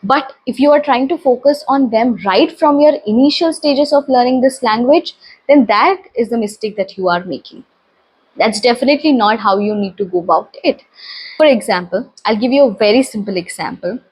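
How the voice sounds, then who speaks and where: Female English tutor, native Telugu speaker, slow and encouraging delivery, slightly husky. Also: fairly high pitch, darkish tone. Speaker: English teacher. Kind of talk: casual teaching talk to camera.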